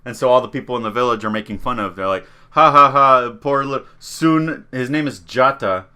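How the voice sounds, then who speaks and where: A young man co-hosting a casual podcast, retelling a story in a rambling, profane way, laughing as he goes and giving the characters quick voices. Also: mid-range voice, fairly bright tone, clear, resonant tone. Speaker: podcast co-host.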